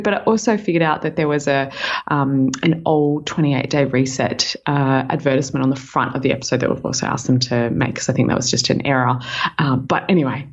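A woman's voice: extremely low pitch, brisk. Bubbly woman, dull lo-fi sound. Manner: bubbly, laughs a lot, chatty. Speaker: podcast co-host, health practitioner. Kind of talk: casual podcast chat.

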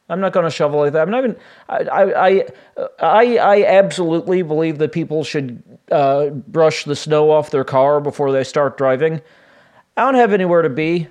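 Solo podcast host, forties, man, raspy from laryngitis, slightly high voice, chatty and meandering. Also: a little mellow. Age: 40s. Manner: rambling, self-deprecating, lots of fillers and restarts. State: voice a little raspy and weak after laryngitis. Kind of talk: casual solo podcast chat. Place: home.

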